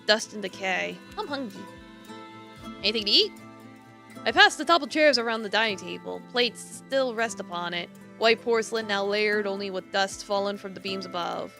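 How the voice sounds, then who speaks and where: A woman streamer reading a horror visual novel aloud in a theatrical way, swinging between hushed and emphatic lines. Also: mid-range voice, normal speed, gravelly, soft background music.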